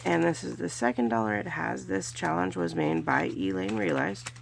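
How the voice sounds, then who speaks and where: A woman's voice: on the low side, big pitch swings, moderate pace, creaky, a little hiss or hum. A woman from California narrating her budgeting video casually, chatty and counting money aloud with small cheers. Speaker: budgeting vlogger. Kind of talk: casual narration while doing cash challenges.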